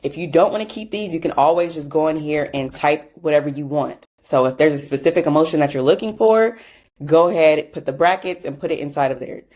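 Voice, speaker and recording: Low-voiced chatty woman tutorial host. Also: a little fast, a little mellow. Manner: chatty, laughs often, casual asides. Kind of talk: casual screen-recorded software tutorial.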